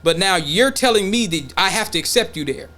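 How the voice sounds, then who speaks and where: Animated blunt man with a high voice. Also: fairly quick. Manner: animated, acts out imagined dialogues; blunt, profane. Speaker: podcast co-host. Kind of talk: casual opinion talk.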